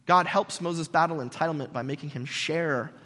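A male pastor preaching a sermon in an animated, jokey way with sarcastic asides, recorded in a large hall with long reverb. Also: fairly high pitch, moderate pace.

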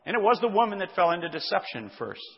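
A male pastor teaching an expository sermon, reading scripture aloud and explaining its words with deliberate care. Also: high-pitched, sing-song, gravelly. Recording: dull lo-fi sound with long hall reverb.

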